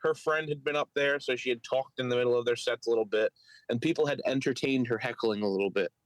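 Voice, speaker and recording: A man's voice: mid-range voice, quick pace, dry recording, low-quality recording. A man with a Philadelphia accent, co-hosting a podcast and telling a long story in a rambling way full of fillers. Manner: rambling, filler-heavy, animated retelling. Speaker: podcast co-host. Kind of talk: casual storytelling chat.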